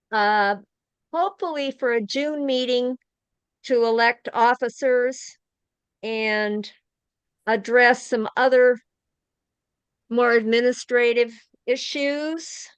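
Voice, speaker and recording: A woman giving her community group's update at a meeting in a measured, plain way. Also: high voice, a bit bright, clear, resonant tone, dry recording, rough recording.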